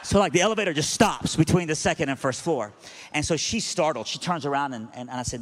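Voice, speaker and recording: A man's voice: a little high, quick pace. A man preaching, telling a story with animation and frequent stammered restarts. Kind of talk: sermon storytelling. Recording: long hall reverb.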